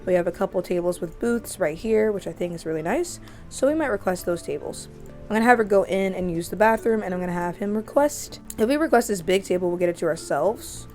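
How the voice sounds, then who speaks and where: A young woman narrating a life-sim game for her channel, chatty and easily excited. Her voice sits in a comfortable middle register. Faint game music plays behind her. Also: mid-range voice, fairly quick. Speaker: gaming channel host.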